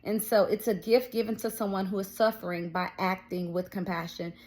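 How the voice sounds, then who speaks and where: A woman's voice: medium pitch, level tone, a little fast, darkish tone. A young woman vlogger telling a personal faith story in a casual, chatty way, full of fillers and quoted dialogue. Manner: storytelling with many fillers, quoting others. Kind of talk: casual testimony and encouragement.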